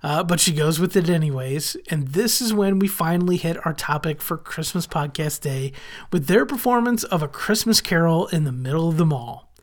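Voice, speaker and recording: A man hosting a podcast, casually recapping a TV episode with wry asides and frequent pauses of "uh". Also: on the high side, lively intonation. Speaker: podcast host.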